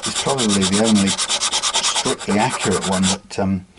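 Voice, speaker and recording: A man with a lowish voice talks casually through a fret repair at his workbench, thinking aloud with plenty of fillers and restarts. Loud rasping from a file and sanding runs under his speech. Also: moderate pace. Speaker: guitar repair technician. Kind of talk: casual workshop demonstration. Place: workshop bench. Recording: loud workshop filing noise. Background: file rasping and sanding on metal frets.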